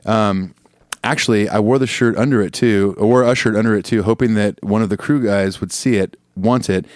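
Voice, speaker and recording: A man's voice: lowish voice, fairly even intonation, fairly quick, no room sound, studio quality. A man co-hosting a casual podcast, reading listener letters aloud in a laid-back manner and swearing casually. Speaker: podcast co-host.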